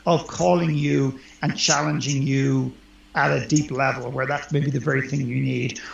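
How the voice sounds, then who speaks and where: A life coach gives an interview in conversation, earnest and emphatic in what he says, though his medium-pitched, creaky voice comes across flat at a normal speed. The sound is roomy, dull and lo-fi.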